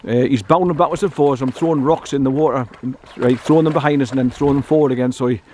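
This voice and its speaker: A man's voice: mid-range voice, fast talker, a little mellow, a little hiss or hum. An older man, talking casually and bluntly while walking his dog outdoors by a stream, rambling and repeating himself. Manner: chatty, blunt, meandering, repeats words. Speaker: dog owner vlogger. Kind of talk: casual rambling walk-and-talk.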